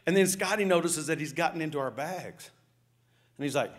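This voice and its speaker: Guy preaching, telling a wild story to the church, talks to them as y'all, kinda high voice. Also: fairly quick. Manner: animated storytelling, addresses the audience as y'all. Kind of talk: sermon storytelling to a congregation.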